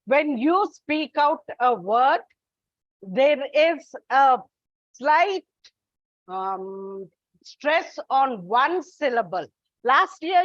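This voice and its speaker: Slow, high-voiced woman teaching English. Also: a bit bright, no echo. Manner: slow, deliberate explaining with spelled-out examples. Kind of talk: classroom English lesson. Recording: dull lo-fi sound.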